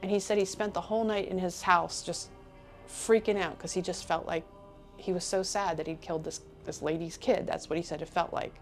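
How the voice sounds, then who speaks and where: Woman, lowish voice, casual storytelling, animated retelling, quoting others. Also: a little fast, faint music behind. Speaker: interviewee retelling a witness account.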